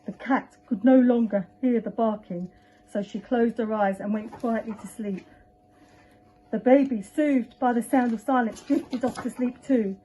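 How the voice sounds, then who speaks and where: A woman, a teacher, reading a picture book aloud to children with lively, expressive delivery and sound effects. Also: on the high side, measured pace, a little hiss or hum. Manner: expressive, acting out animal and household sounds. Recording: dull lo-fi recording.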